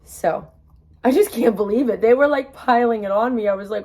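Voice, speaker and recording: Fresh from dental work and still numb, a young woman vlogger talks to camera in a chatty, upbeat way, emotional and reassuring herself. Her fairly high, slightly mellow voice moves at a moderate pace.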